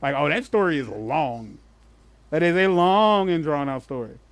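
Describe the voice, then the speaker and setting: Podcast co-host, male, high-pitched, dry close mic, lively profane storyteller. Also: normal speed, no room sound. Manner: animated storyteller, swears freely, bursts into laughter. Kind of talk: casual chat.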